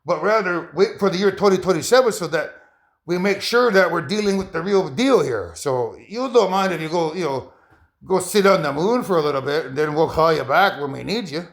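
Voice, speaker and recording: A man talks to his viewers in a loose, rambling way, his voice rising and falling a lot. He gets excitable and keeps laughing, his pitch jumping high in bursts. His voice sits a little higher than most men's. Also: a little fast. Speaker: vlogger. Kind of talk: rambling casual monologue to viewers.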